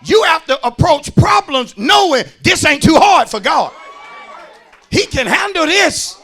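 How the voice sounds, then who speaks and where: A man, a pastor preaching a sermon in a church, shouting in a rhythmic, sing-song way and calling out to the congregation. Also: very high-pitched, very animated, measured pace, faint music behind, some chatter behind.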